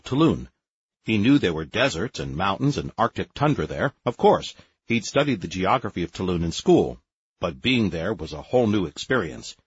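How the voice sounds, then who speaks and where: A man reading an audiobook in scripted narration, lively and expressive. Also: low-pitched, slightly rough, highs cut off.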